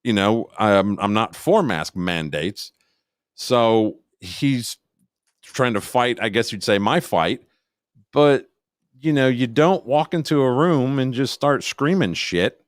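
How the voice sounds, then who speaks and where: An older man offers blunt, sarcastic commentary on a podcast. His voice has a mid pitch for a man. The sound is dry and close, with no room around it. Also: expressive, slow pace, no echo. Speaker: podcast co-host. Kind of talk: casual chat.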